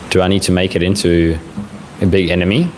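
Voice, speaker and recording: Young male host, deep-pitched, gentle and reflective, home livestream with light fan noise. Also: flat delivery, poor audio. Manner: gentle, reflective, speaks in unhurried phrases with frequent fillers. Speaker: livestream host answering viewer questions. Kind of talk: casual live Q&A talk. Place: home room with a fan running. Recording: faint fan noise in the background.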